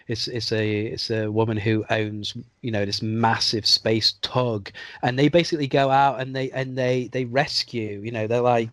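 A man's voice: mid-range voice, fairly bright tone, no room sound. A man, a screenwriter guest on a podcast interview, talking with enthusiasm and many restarts. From England.

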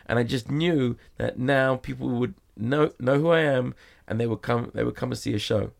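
A magician guest chats in a sauna, his mid-range voice creaky and moderately paced. He rambles through an anecdote in casual conversation, leaning on fillers and quoted exchanges.

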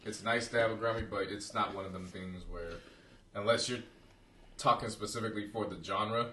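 A man co-hosting a podcast, talking in a measured, reflective, matter-of-fact way. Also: on the low side, steady tone, pushed and bright, far from the mic, a little hiss or hum. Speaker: podcast co-host. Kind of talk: casual chat.

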